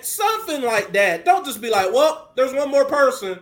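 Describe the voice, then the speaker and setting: A man co-hosting a podcast in casual, animated chat, acting out quotes and laughing often. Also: extremely high pitch, moderate pace. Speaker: podcast co-host.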